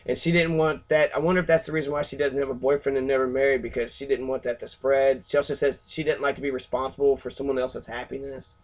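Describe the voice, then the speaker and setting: A man giving rambling, profane movie commentary, halting and full of fillers, as the host of a reaction video. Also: mid-range voice, level tone, rough recording.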